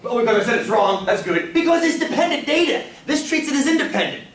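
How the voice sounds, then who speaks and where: A man teaching a statistics class, animated and full of questions for his students. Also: very high voice, fast talker. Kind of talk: classroom lecture. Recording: roomy, from far off, faint room noise.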